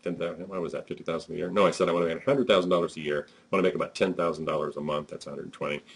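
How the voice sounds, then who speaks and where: A man's voice: sits low, fairly even intonation, rapid-fire, vocal fry, breathy edge. A man giving a conversational, emphatic motivational talk as a network marketing trainer, with frequent fillers.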